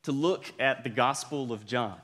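In a church sanctuary full of long reverb, a young Southern-accented man from South Georgia, USA, preaches as a student pastor. His mid-range, fairly bright voice moves at a moderate pace as he calls out cheerfully to the congregation.

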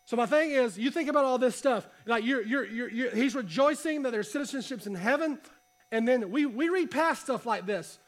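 A man preaching a casual sermon to a congregation, reading scripture and talking in a conversational, animated way. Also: very high voice, moderate pace. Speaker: pastor. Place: church hall.

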